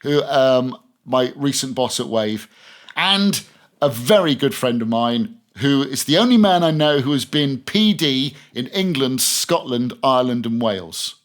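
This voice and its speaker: A man's voice: mid-range voice, expressive, unhurried. A middle-aged man, a radio presenter, chatting as a podcast guest and telling stories with lots of restarts. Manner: rambling storyteller, many restarts. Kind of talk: casual interview chat.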